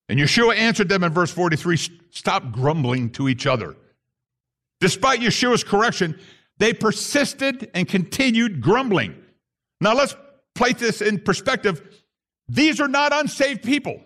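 A man with a high-pitched voice delivers a sermon from the pulpit. He reads scripture aloud and lifts his voice on the key points. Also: sing-song, a little slow, fairly bright tone. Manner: emphatic preaching, voice rises on key points. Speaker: pastor.

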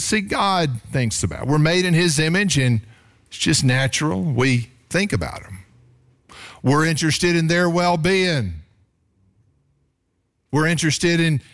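Animated pastor preaching, man. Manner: animated preaching, pitch rising sharply on emphasis. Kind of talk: sermon.

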